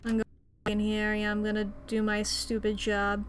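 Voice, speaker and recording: A woman's voice: medium pitch, completely flat delivery, normal speed, slight background noise. A young woman streaming a video game, making playful, jokey reactions as she plays.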